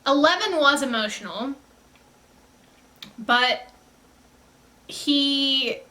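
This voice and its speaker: A woman with a fairly high, bright, forward voice gives casual reaction commentary. She rambles and effuses, often stopping to correct herself mid-sentence. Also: lively intonation, very slow. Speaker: reaction video creator.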